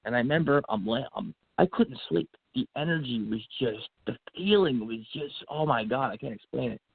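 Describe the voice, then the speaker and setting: A man tells a heartfelt personal story in a gravelly, husky voice whose pitch rises and falls a great deal. He is animated, acts out the lines of the people in his story, and keeps restarting his sentences. The sound is narrow and phone-like, and the room is dry. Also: a little fast, no room sound. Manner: animated, acts out quotes, frequent fillers and restarts. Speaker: podcast guest. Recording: phone-like narrow band audio.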